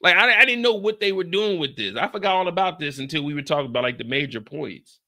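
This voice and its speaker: A young man from the Bay Area riffs through a TV recap in loose, profane chat. His voice sits high and swoops up and down as he talks. The tone is bright and forceful. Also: fast talker. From San Francisco Bay Area. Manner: animated, profane, acts out scenes with shouted put-on lines. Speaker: recap show host.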